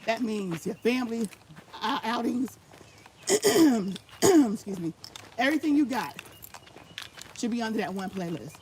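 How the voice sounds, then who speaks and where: A woman's slightly high, sing-song voice has a darkish tone, and she talks unhurriedly with long pauses. Walking laps, she gives channel tips in a casual motivational vlog, emphatic and repeating her points. The background is noisy.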